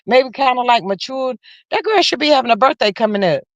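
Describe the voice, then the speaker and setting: A woman's voice: a little high, expressive, fairly quick, no room sound, muffled recording. A woman hosting a casual live stream, talking straight to her viewers and reading out the chat in a folksy, chatty way.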